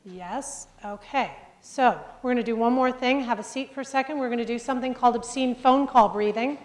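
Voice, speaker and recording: A woman's voice: a little high, brisk. A young adult woman coaching speakers through breathing and counting drills in an upbeat instructional lesson.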